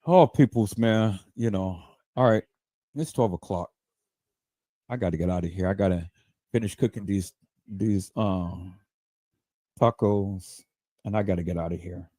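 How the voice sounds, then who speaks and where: A low, dark-toned male voice, recorded without echo, comes from a livestream host who speaks at a measured pace and pauses often. He delivers a heated, profanity-laced rant, stammering repeated words as he goes.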